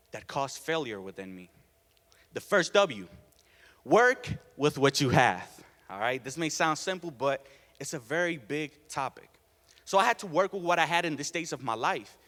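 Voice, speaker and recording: In a big, echoey school auditorium, a Spanish-speaking teen guy delivers a prepared student speech with a fairly bright, somewhat high voice. He sounds earnest and emphatic and laughs between his points, all under the hall's long reverb.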